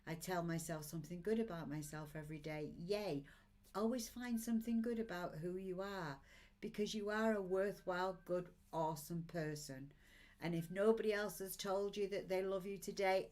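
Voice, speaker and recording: Reading oracle cards live, a woman in her sixties voices her viewers' comments and lifts them up with upbeat encouragement. She speaks at a normal speed, her pitch fairly low and her tone darkish.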